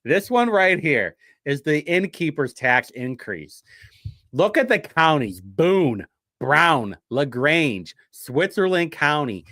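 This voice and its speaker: A man's voice: fairly high pitch, very animated, takes it slowly, pushed and bright, no room sound, studio quality. Sarcastic rambling Midwestern man. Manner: sarcastic, rambling, with frequent self-interruptions. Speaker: show host. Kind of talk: casual commentary reading from documents.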